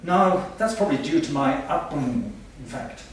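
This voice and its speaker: A man's voice: fairly high pitch, animated, normal speed, background noise, close to an everyday voice. A man playing a pompous, boastful male language professor in a stage comedy sketch, heard from far off in an echoey hall. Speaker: comic stage performer.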